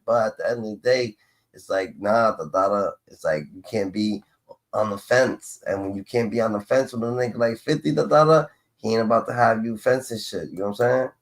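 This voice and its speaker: A man with a mid-pitched voice talks in an animated, rhythmic way, dropping "da, da, da" between his thoughts. He swings between punchy bursts and low mutters. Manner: animated, fills pauses with "da, da, da". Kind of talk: casual chat.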